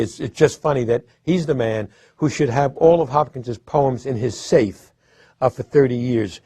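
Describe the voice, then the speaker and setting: Here a man with a mid-range voice, a little mellow and slightly rough, speaks with no echo. He's a literary scholar giving a thoughtful lecture on a poet's life and work, frequently restarting and hesitating while he leans on stressed words.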